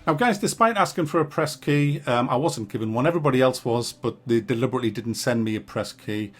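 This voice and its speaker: A man talking through a game review in a casual, blunt way. He swears freely and rants at times, with a mid-pitched voice. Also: fast, soft background music.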